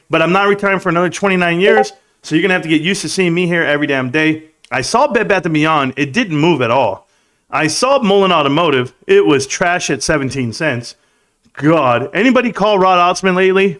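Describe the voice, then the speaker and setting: A man's voice: fairly high pitch, a bit bright. A man in his thirties hosting a live stream, reading chat aloud and joking in a rambling, casual way. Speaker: livestream host.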